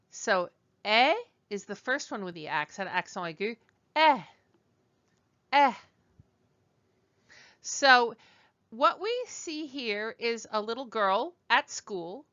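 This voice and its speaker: A woman teaching a beginner French lesson, speaking slowly and deliberately and repeating words for learners. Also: medium pitch, bright, forceful tone, dry recording, dull audio.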